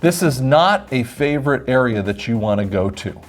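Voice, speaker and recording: A man teaching the Bible in a sermon style, animated and acting out the voices of the people he quotes. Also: mid-range voice, moderate pace, soft background music.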